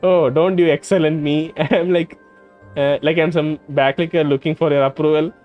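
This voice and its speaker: A man's voice: on the high side, fairly even intonation, normal speed, narrow, tinny audio, soft background music, natural voice. A man reading aloud the lines of a sweet, timid young female thief in a game. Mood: mock indignant. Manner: reads the character's lines aloud in a plain reading voice.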